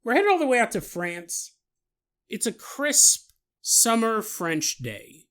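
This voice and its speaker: A man hosting a podcast, telling a story in a chatty, animated way with laughs and asides. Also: very high voice, takes it slowly. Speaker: podcast host. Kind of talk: casual storytelling monologue.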